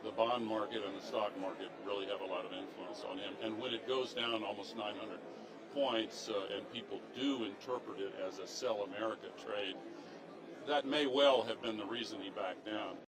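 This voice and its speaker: A man and former politician answering interview questions in a slow, deliberate, halting way. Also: fairly low pitch, a crowd in the background, low-quality recording. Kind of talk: measured TV news interview.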